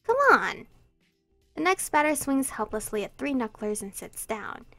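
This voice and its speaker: A young woman playfully reading a visual novel aloud as a streamer, giggling and breaking into loud outbursts. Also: sits high, normal speed, no echo, faint music behind. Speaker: let's play streamer.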